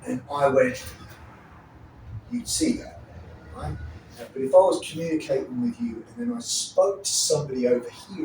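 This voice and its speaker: A man with a slightly high, darkish voice and some vocal fry demonstrates self-defense moves, bluntly and with plenty of swearing, often checking in with whoever he's teaching. He's off mic in an echoey room, with faint ambience and slight background noise.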